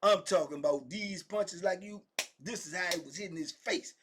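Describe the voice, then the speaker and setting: A man with a Southern US accent telling a prison story in a casual, animated way, acting out the men's voices. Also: normal speed, heavy background noise. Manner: acts out the men's voices, rising high and loud for quoted shouting. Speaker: storyteller sharing prison stories.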